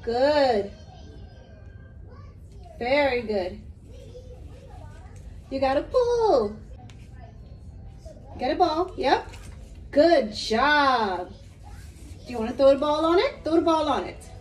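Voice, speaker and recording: A woman's voice: high voice, sing-song, takes it slowly, long pauses, reverberant. A mother coaching her young child through play, coaxing and encouraging him with short, repeated cheers. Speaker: mother vlogger.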